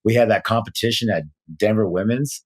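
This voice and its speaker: A man telling his story in a casual interview, earnest and animated, with many fillers and moments of emotion. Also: lowish voice, fairly quick. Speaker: guest.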